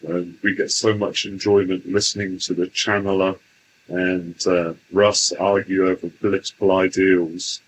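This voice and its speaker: Man channeling a deep, slow alien leader. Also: little pitch movement, a little hiss or hum, poor audio. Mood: amiable. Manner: formal, unhurried, speaks as "we". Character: male alien leader from Sirius, genial and slow. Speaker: channeled entity. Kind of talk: trance channeling session.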